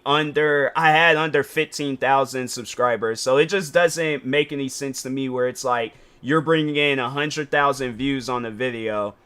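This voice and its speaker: A man's voice: on the high side, pushed and bright. A man streaming and reacting to a video, rambling and incredulous, full of fillers and restarts. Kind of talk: casual reaction stream commentary.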